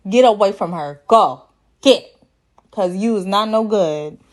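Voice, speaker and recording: A woman's voice: mid-range voice, normal speed, a little mellow. A woman hosting a casual reality TV recap, sassy and chatty, laughing at her own jokes and quoting people in put-on voices. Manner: quotes cast members in put-on voices.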